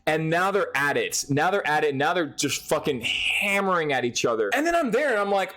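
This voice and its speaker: A young man talks straight into his camera, telling a story in a loose, swear-laden rush. His voice swoops up and down with lively energy. Faint music plays quietly underneath. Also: high voice, normal speed, hardly any pauses. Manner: profane, excitable, lively storytelling. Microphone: speaking to a camera.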